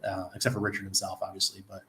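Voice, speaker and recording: Man, casual streamer, lower voice, quick to laugh. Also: completely flat delivery, fairly bright tone, slight background noise. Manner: laughs often, self-deprecating storytelling. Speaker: crypto livestreamer. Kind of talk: casual livestream chat.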